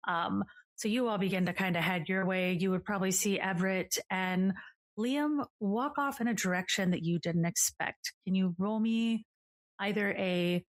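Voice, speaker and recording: A woman's voice: medium pitch, normal speed. A woman narrating as the game master of a tabletop game, in a casual storytelling manner with many fillers.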